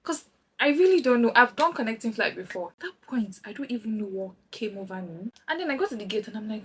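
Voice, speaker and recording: A young woman from Nigeria telling a lively travel story while doing her makeup, acting out the other people's lines. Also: fairly high pitch, fast talker, a little hiss or hum, rough recording. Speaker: vlogger. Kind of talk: chatty get-ready-with-me story time.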